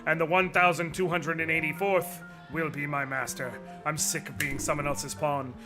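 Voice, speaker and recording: A man's voice: on the high side, little pitch movement, normal speed, close to an everyday voice. A man voicing an arrogant, cruel villainous knight from a game, reading the lines theatrically with music playing behind him. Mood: menacing. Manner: theatrical, gloating, swings to shouting rage. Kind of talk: dramatic reading of game dialogue.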